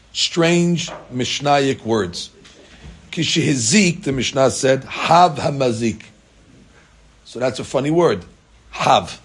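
A man's voice: medium pitch, husky. A man teaching a daily Talmud class, reading out Aramaic text and explaining it in casual English with rhetorical questions and many fillers.

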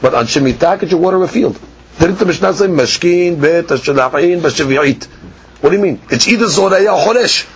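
A man teaching a Talmud lesson, chanting the text in a sing-song and then explaining it quickly, asking and answering his own questions. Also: fairly high pitch, expressive, slight background noise. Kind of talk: Talmud lecture. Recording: dull lo-fi podcast recording with faint ambience.

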